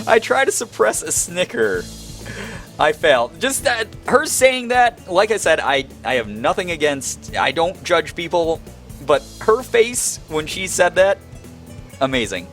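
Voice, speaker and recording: A young man reading a visual novel aloud as its narrator, breaking off into animated, self-mocking commentary. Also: on the high side, measured pace, faint music behind. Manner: animated, laughing asides between read lines. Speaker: game streamer.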